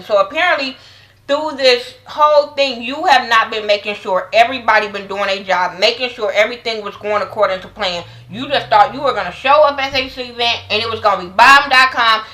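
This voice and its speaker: A woman's voice: on the high side, pushed and bright, poor audio. A woman giving a blunt, profane, slang-heavy casual review of a reality TV episode. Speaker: reality TV recap vlogger.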